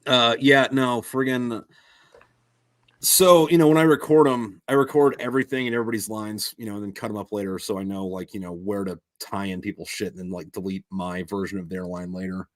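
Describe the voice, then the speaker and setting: A man hosting a casual podcast chat, halting and full of fillers, swearing heavily as he talks. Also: on the low side, steady tone, no echo. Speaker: podcast host and audiobook narrator.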